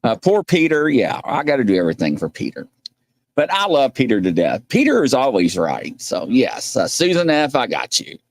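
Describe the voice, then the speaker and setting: Rambling, lively-voiced male live-stream host. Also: mid-range voice, normal speed, dry recording. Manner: rambling, laughs often, reads out viewer names. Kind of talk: casual live-stream chat.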